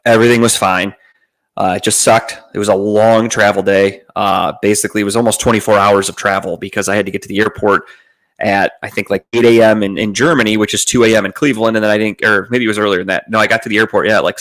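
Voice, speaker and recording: A man's voice: lowish voice, level tone, fast, fairly bright tone. Cursing man telling a rambling story. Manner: profane, rambling, with frequent fillers and restarts. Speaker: podcast host. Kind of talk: casual storytelling.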